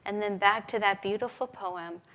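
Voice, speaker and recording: A woman giving a relaxed, conversational sermon at a spiritual service, telling stories and laughing now and then. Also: mid-range voice, moderate pace, a little hiss or hum. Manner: conversational, with laughs and acted quotes. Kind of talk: sermon with storytelling.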